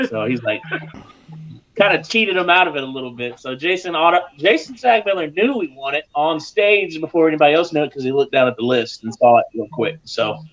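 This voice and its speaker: Telling a casual story as a guest pitmaster on a live broadcast, this animated man raises his voice's pitch to act out other people. He speaks briskly, and the recording has its highs cut off.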